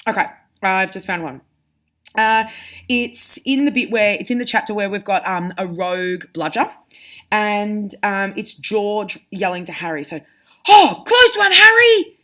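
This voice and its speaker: A woman's voice: mid-range voice, a little slow, fairly bright tone. A woman teacher giving a reading lesson to pupils, explaining patiently and demonstrating with her own voice. Her delivery is conversational, with the odd restart as she looks for examples.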